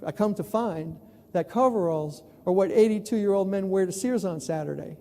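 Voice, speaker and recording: Man, from New York, plenary speaker, animated storyteller, mellow tone, echoing hall. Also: sits high, normal speed. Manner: animated, self-mocking storyteller. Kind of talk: storytelling conference talk. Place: large conference hall. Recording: long reverb in a large hall.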